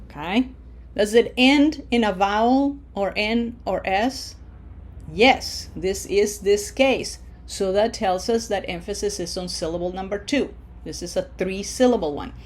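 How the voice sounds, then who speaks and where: A woman at a middle pitch gives a recorded online language lesson. She walks through rules patiently and keeps checking in with an "okay?". When she models a word she slows right down and leans on the stressed syllable. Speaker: Spanish teacher.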